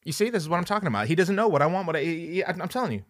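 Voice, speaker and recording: A man telling a comedic story at his desk, profane and animated, acting out the people in it. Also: fairly high pitch, racing, no room sound, studio quality. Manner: animated, profane, acts out voices.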